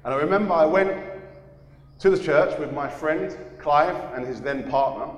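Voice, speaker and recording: Earnest preacher in an echoey hall. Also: male voice, on the high side, moderate pace. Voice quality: earnest, repeats phrases for emphasis. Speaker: pastor. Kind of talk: sermon with personal testimony.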